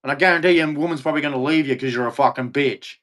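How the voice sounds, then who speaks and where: A man with an Australian accent rants to the camera in a bitter, profane monologue. He circles back over the same complaints and curses freely. His voice sits a little higher than most men's. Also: racing, fairly bright tone. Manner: bitter, profane, repeats himself. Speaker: vlogger. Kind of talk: angry ranting monologue.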